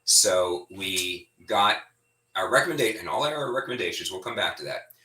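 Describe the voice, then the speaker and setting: A middle-aged man talks bluntly and with heat, his voice low-pitched but bright and edgy. He sounds set back from the microphone in a room with a noticeable echo. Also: normal speed, distant mic. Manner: animated, heated, speaks bluntly. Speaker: state representative giving an update. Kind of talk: informal spoken update.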